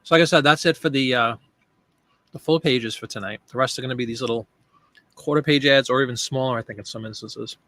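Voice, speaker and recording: A man at an ordinary middle pitch hosts a relaxed live stream, chatting as he works through tasks. He talks aloud through each step and greets viewers by name. His voice sits close and dry, with almost no room sound. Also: fast, no room sound. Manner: chatty, thinks aloud while working, addresses viewers by name. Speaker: live-stream host and online seller. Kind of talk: casual live-stream chat.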